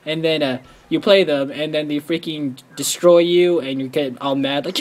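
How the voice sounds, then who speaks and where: A man giving casual gameplay commentary, rambling and excitable, leaning on "like" constantly. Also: normal speed, hardly any pauses. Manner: rambling, excitable, heavy use of "like"; bursts into high squealing when quoting himself.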